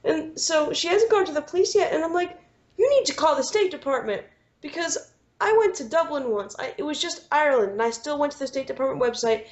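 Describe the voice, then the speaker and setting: A woman with a fairly high voice co-hosts a casual podcast about a film. She talks animatedly and acts out her own exasperated reactions. The recording sounds dull and lo-fi. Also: brisk. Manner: animated, quoting herself with exasperation. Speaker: podcast co-host. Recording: dull lo-fi audio.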